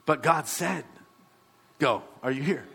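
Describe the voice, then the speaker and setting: High-voiced pastor preaching with fervor. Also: male voice, expressive, slow, vocal fry, a bit bright, husky. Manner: exhorting, calls out to the congregation. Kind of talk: sermon.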